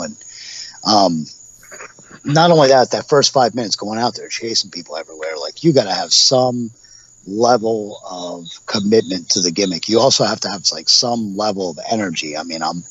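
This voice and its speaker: A man's voice: fairly low pitch, animated, normal speed, a bit bright, highs cut off, slight background noise. A man in his forties, a guest on a podcast interview, telling rambling stories and acting out what others said, with laughs along the way. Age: 40s. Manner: rambling storyteller, acts out quotes with laughs. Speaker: guest, professional wrestler.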